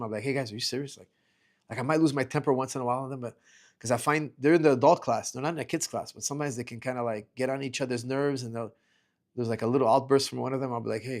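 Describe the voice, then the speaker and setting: A man's voice: mid-range voice, darkish tone. A middle-aged man, a martial arts coach, chatting casually in a livestream Q&A, reading audience questions aloud and often restarting his sentences.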